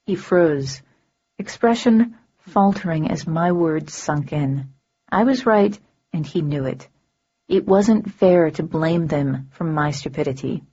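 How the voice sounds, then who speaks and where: A woman's voice: deep voice, lively intonation, slow, mellow, breathy edge, dull audio. A woman narrating a fantasy audiobook in the first person, with a dry, sardonic delivery.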